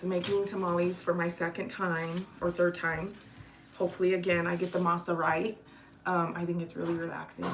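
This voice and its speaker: A woman's voice: on the low side, slight background noise. A woman in her forties chatting casually to the camera while cooking in her home kitchen. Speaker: vlogger. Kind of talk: casual cooking vlog chat.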